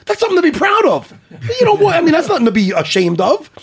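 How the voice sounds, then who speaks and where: A man's voice: very high voice, wildly swooping pitch, fast talker, a crowd in the background. A man hosting a podcast, telling a story animatedly, swearing often and laughing his way through it.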